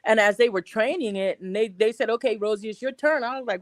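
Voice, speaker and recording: A woman co-hosting a casual panel chat, lively and animated, acting out voices from everyday street talk. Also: on the high side, fast talker, few pauses, dry recording. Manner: animated, acts out street dialogue. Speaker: co-host.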